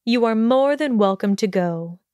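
A woman voicing a calm, steady older headmistress witch in a storybook reading, speaking evenly and measuredly. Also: fairly high pitch, no echo. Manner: even, measured delivery.

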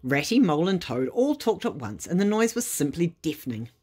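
Woman storyteller, bedtime story narration, lively animated delivery, slightly husky, fairly low. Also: brisk.

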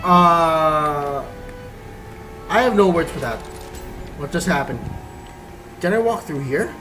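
A man's voice: on the high side, lively intonation, takes it slowly, bright, forceful tone, rough recording. A man giving casual, playful commentary while playing a game, musing to himself and reading game text aloud. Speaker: let's play host. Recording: voice over game music.

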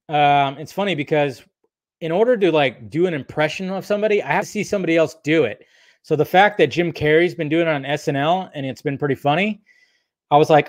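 This livestream host is another laid-back man who rambles while reading and responding to his YouTube chat. His voice is a little high, and the sound is clean studio audio without echo.

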